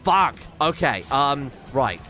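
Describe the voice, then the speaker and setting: A young man commenting on his strategy game, excitable and sweary, muttering to himself as he plays. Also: mid-range voice, takes it slowly, soft background music. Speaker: gaming channel host. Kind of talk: let's play commentary.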